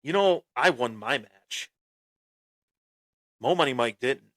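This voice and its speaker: A man speaks as his wrestling persona on a podcast, boastful and taunting as he recounts old rivalries. His delivery is unhurried and drawn out. The recording is dry and close, with no room sound. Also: medium pitch, animated, a bit bright, no echo. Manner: swaggering, taunting, dramatic. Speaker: podcast host. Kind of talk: boastful in-character wrestling storytelling.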